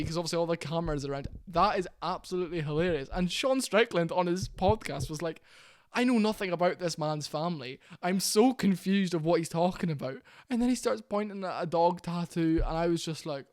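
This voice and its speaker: Man, casual commentary vlog, excitable and blunt, fairly high voice, dry close sound. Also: no room sound. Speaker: MMA commentary YouTuber.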